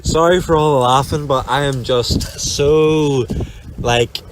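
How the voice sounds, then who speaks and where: A man's voice: medium pitch, takes it slowly. Man gushing from a boat. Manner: excited, breathless and gushing. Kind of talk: voice note recorded at sea. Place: sailing boat out on the ocean. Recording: phone voice note with clear sea noise.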